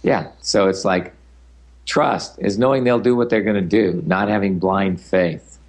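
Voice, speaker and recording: A man's voice: deep voice, steady tone, a little slow. An older man answering interview questions as a speaker and facilitator, talking in an easygoing, rambling way with the odd tease.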